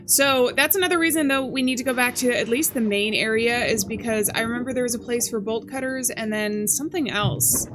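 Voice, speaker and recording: A woman's voice: fairly high pitch, fairly quick, hardly any pauses, noisy background. Chatty woman thinking aloud over gameplay. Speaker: let's play host. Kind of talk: casual gameplay commentary. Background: game music.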